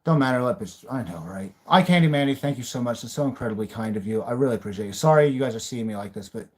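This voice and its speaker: A man's voice: mid-range voice, lively intonation, fast, a little mellow. A man hosts a live stream in a mid-range voice. He talks bluntly, rants and raves at times, and swears freely. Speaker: livestream host. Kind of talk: live-stream reaction chat.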